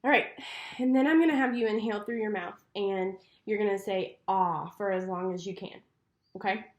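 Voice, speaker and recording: Taking the role of a clinician, a woman walks someone through a speech exam step by step, staying patient and encouraging. She talks fairly quickly in a steady, mid-range voice.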